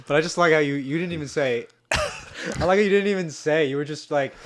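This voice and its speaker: A man from Los Angeles, a guest on a casual podcast, talking animatedly with quick restarts. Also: on the high side, a bit bright. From Los Angeles, California.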